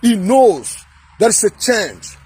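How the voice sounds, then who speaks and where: A man from Edo State in Nigeria, with a Nigerian accent, delivering a fiery, repetitive political rant to camera that at times turns to shouting. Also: high voice, big pitch swings, slow pace, husky. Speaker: political vlogger.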